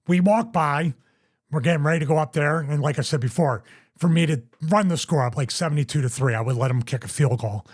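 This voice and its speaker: A middle-aged man hosting a podcast, casually telling a story and acting out other people's quotes in raised voices. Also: a little high.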